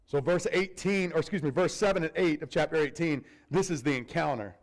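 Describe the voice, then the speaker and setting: A man preaching a sermon as a pastor, telling the story in an animated, conversational way with asides to the congregation. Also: a little high, a little fast, few pauses, poor audio.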